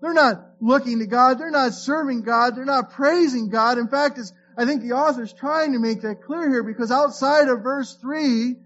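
A man with a fairly high voice preaches a sermon in a loose, conversational manner. He reads scripture aloud and often stumbles into repeated words as he restarts. The recording is slightly dull and lo-fi, with a faint hum underneath. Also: fairly bright tone. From Florida. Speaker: pastor.

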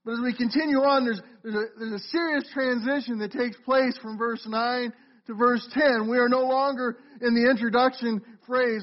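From the pulpit of a church sanctuary, a middle-aged pastor whose voice is strikingly high delivers his sermon. His tone is conversational and he frequently puts questions to the congregation. The audio comes across muffled and lo-fi.

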